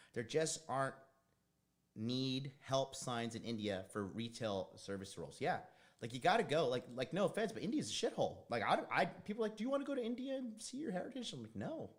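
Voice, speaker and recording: Rambling blunt man with lively pitch. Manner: rambling, tangent-prone, blunt and profane. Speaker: dating coach and show host. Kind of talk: casual livestream monologue.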